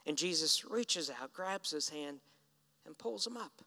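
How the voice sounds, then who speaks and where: Storytelling preacher in a reverberant hall. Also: male voice, a little high, lively intonation, unhurried, creaky, sharp tone. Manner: conversational storytelling, acts out quoted lines. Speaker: pastor. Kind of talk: sermon.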